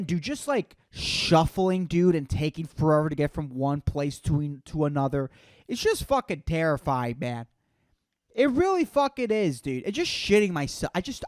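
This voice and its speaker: A man's voice: on the high side, no echo. A man in his twenties hosting a solo comedy podcast, rambling and swearing constantly, peppering his talk with "dude" and "man". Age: 20s. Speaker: podcast host.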